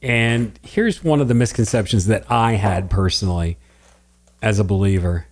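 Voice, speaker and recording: A man's voice: lowish voice, moderate pace. Earnest man preaching on a podcast. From Connecticut, New England. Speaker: podcast co-host. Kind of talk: casual faith podcast chat.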